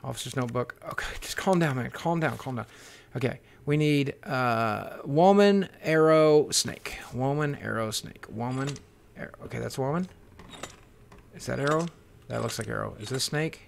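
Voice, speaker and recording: A man giving live gameplay commentary as a streamer, excitable and swearing, panicking and talking to his chat. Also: mid-range voice, moderate pace, creaky, a little hiss or hum. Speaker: gaming streamer.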